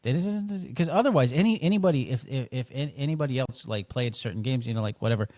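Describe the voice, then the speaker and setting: Halting male podcast co-host. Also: mid-range voice, dark tone. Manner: halting, conspiratorial, lots of restarts. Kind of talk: casual chat.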